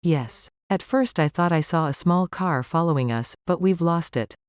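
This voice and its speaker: A man's voice: fairly high pitch, moderate pace, smooth, dry recording, clean studio sound, voice pushed up, lightly acted. A man reading the lines of a woman accomplice who sounds kind and sympathetic. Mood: uneasy.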